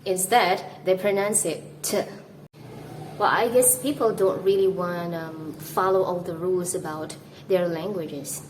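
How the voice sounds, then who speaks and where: Here is a young woman from Indonesia who teaches English to camera, with Indonesian as her first language. Her voice sits a little low, and she talks very slowly, saying each example word clearly. A faint hiss runs behind her. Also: fairly even intonation, rough recording. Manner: slow, careful, demonstrates pronunciations. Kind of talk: scripted English lesson to camera.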